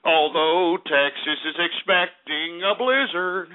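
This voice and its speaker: A man's voice: on the high side, takes it slowly. Male talk-radio host, combative ranting market reporter, lo-fi phone-quality sound. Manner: loud, crude, combative, swears at listeners. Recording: tinny phone-like lo-fi audio.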